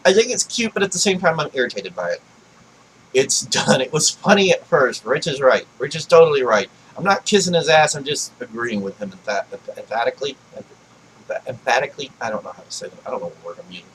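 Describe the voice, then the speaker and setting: A man ranting about video games to his desk mic, swearing a lot and swinging between shouting and low grumbling. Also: very animated, brisk, a little hiss or hum, poor audio. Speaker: gaming vlogger. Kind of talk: angry gaming rant.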